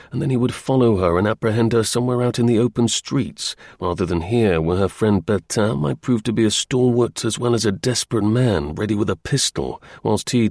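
A man reading a historical novel aloud as an audiobook narrator, with measured, dramatic storytelling. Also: lowish voice, darkish tone, no echo, studio quality.

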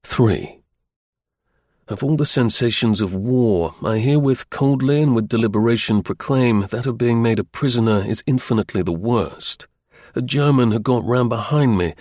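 A male narrator reads a first-person story at a measured pace, with a wry, even delivery. His voice sits in a middle register. The recording is dry and close, with no room sound. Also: mid-range voice, dry recording. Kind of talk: audiobook narration.

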